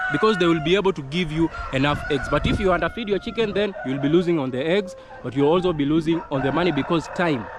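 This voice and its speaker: A man's voice: a little high, noisy background. A man from Kenya, a poultry farming consultant, giving earnest, repetitive advice in a vlog to camera, with chickens clucking behind.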